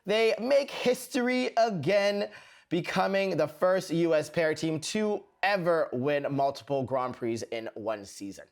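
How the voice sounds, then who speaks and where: A man hosting a figure skating recap show, commentating over highlights in a lively, playful way. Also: unhurried. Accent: put-on British accent. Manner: playful, chatty sign-off with a put-on accent.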